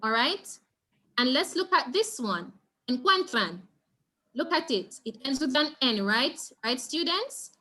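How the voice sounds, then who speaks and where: A woman's voice: high voice, lively intonation, a little slow, pushed and bright. A woman with a Jamaican accent leading an online Spanish revision class, patiently repeating key points and checking in with her students. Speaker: Spanish teacher.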